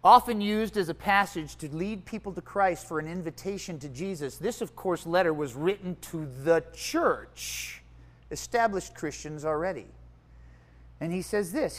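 A preacher with a mid-range voice, speaking at normal speed, gives a conversational sermon. Animated, he swings from quiet asides to emphatic exclamations, explaining what words mean and putting questions to his listeners.

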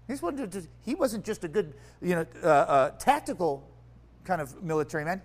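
A preacher reading scripture and retelling a Bible story in an animated, playful sermon style. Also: mid-range voice, normal speed.

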